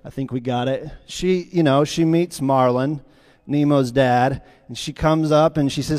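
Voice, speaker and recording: A pastor preaches a sermon in a reverberant church sanctuary, telling stories animatedly and swinging from loud to hushed. His voice is medium-pitched and his pace measured.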